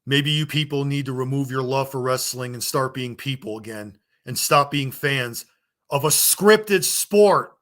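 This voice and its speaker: A man's voice: medium pitch, steady tone, moderate pace, few pauses, sharp tone. A man delivering a heated, blunt rant to his viewers, swearing and scolding them as a wrestling vlogger. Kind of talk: angry rant to camera.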